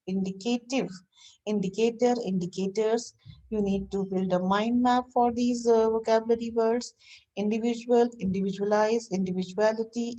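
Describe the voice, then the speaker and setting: A woman with a warm, mellow voice gives an English vocabulary lesson. She works steadily through word lists, naming each form one by one in a patient, instructive manner, pitched neither high nor low. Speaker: English teacher.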